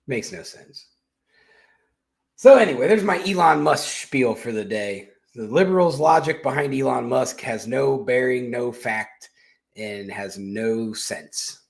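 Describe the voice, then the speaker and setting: A man speaking in an everyday middle-pitched voice, running a loose political opinion monologue. His delivery is blunt and mocking, with sarcasm, swearing and rambling asides. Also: vocal fry. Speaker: political commentary host.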